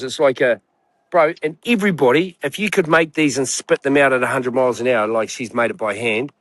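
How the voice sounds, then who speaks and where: A middle-aged man, a guest telling stories in casual chat, excitable and blunt. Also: medium pitch. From New Zealand. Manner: excitable storyteller, blunt and candid.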